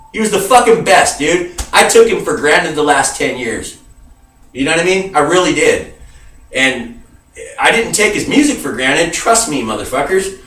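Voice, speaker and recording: Speaking to camera as a vlogger, a grieving man vents in an agitated, emphatic rant full of heavy swearing, repeatedly calling his audience "dude." The voice is fairly high and a little bright, picked up by a distant mic in a roomy space.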